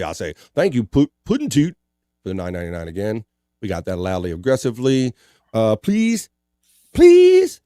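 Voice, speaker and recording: A man hosting a casual live-stream podcast, animated and jokey, reading chat messages aloud. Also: mid-range voice, dry recording, clean studio sound. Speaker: podcast host.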